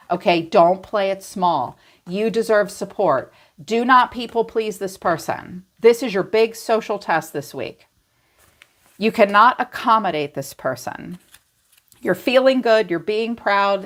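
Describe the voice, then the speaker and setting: A woman giving a casual tarot reading, talking straight to her viewers in a blunt, chatty way. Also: mid-range voice. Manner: blunt, chatty, swings into playful quoted voices. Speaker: tarot reader.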